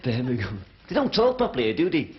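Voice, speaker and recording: Cheeky Liverpool stand-up comic. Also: male voice, a little high, big pitch swings, a little fast, background noise. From Liverpool, England. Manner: cheeky, chatty, bantering with the audience. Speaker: stand-up comedian. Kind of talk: stand-up comedy routine. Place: theatre stage before a live audience. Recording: dull 1970s TV broadcast audio, loud audience laughter.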